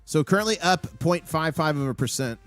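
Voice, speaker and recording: A man hosting a live stream with market commentary, excitable and rattling off prices and numbers. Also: fairly high pitch, a little fast, soft background music. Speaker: livestream host.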